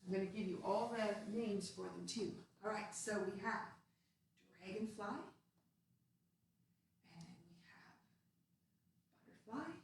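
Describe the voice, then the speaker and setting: A woman's voice: mid-range voice, measured pace, long pauses, recorded from a distance. A woman teaching a playful children's movement lesson, guiding actions step by step in a sing-song way. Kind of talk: guided kids' movement lesson. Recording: very echoey room, voice off-mic, faint hiss.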